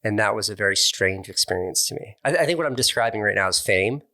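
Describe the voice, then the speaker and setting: A man's voice: fairly low pitch, animated, quick pace, bright, forceful tone. A middle-aged man speaking as an interview guest, candid and thoughtful, often restarting his words as he reflects. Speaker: interview guest, online video creator.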